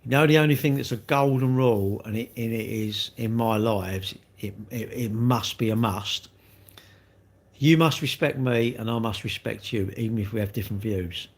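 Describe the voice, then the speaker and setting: A man's voice: medium pitch, normal speed. An English man chatting on a live stream, rambling and blunt as he answers viewers in a slangy way.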